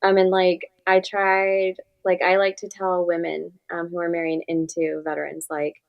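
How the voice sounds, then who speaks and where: A woman's voice: on the low side, monotone, moderate pace, creaky, clean tone, muffled recording. A woman therapist talking as a podcast guest, giving direct, earnest advice and often saying "like". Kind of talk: podcast interview conversation.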